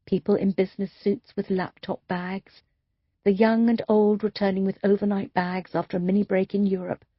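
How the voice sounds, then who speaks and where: Breathy lady reading a thriller audiobook, dry and a bit muffled. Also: mid-range voice, little pitch movement, moderate pace, dry recording. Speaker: audiobook narrator. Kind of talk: scripted narration.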